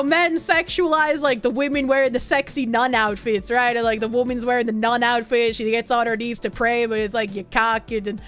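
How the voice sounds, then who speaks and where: A young woman casually chatting on a livestream, reading chat aloud, bawdy and joking, often laughing. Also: a little high.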